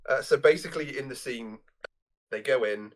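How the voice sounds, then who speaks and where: Halting man recalling film details. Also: mid-range voice. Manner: halting, repeats words, chuckles while recalling details. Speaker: podcast co-host. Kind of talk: casual film review chat.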